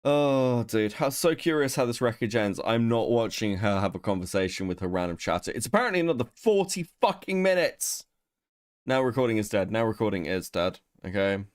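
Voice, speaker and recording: A young man talks loosely on a livestream, his pitch jumping all over as he swears and jokes. The sound is dry and close to the mic, with no room around it. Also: fairly quick, no room sound. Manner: swearing, animated and joking. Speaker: streamer co-host. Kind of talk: casual livestream chat.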